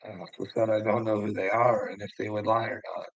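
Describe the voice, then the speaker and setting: A man's voice: on the low side, level tone, a little fast, gravelly, dry recording, highs cut off. A man ranting on a livestream, preachy and taunting, swearing and mocking the person he addresses. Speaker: channel host. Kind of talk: confrontational livestream rant.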